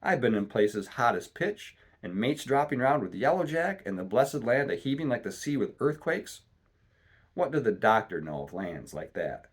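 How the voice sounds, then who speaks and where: A man voicing a sick, rum-craving old pirate captain who talks in gruff, salty seaman's slang, reading a storybook aloud. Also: medium pitch, very animated, moderate pace. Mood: blustering. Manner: gruff salty seaman's talk, pleading then cursing.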